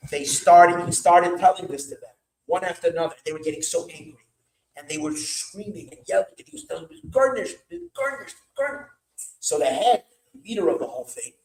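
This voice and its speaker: A man, a rabbi, telling a story at an evening gathering, breaking into shouts and restarting his sentences often. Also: on the high side. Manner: animated, bursts of shouting when retelling yelled lines, many restarts. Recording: echoey room, mic far off.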